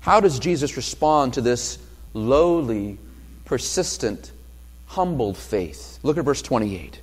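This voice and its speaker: A male pastor preaching an expository sermon, emphatic and passionate, building to loud peaks. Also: mid-range voice, lively intonation, slow, big-room sound. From New Hampshire.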